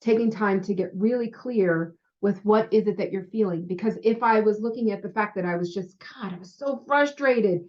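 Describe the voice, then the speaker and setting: A woman's voice: medium pitch, normal speed, few pauses, darkish tone, lo-fi sound. A woman who works as a spiritual healer gives a casual talk to her viewers. She is chatty and often says "you know" and "right?". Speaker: spiritual healer and intuitive guide.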